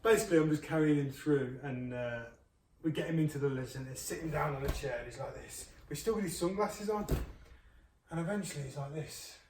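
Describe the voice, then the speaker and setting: A man tells a story with animated energy, his voice a little higher than most men's. He sounds distant from the mic in an echoing room, with faint background noise behind him. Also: fairly quick. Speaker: friend of the host. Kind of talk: casual chat.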